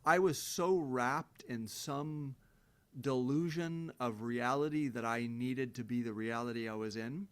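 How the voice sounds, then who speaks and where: With a medium-pitched, slightly bright voice and a somewhat slow delivery, a middle-aged man rants through an off-the-cuff self-help talk full of profanity and bluntness. He breaks into heated outbursts and imitates people in mocking sing-song voices.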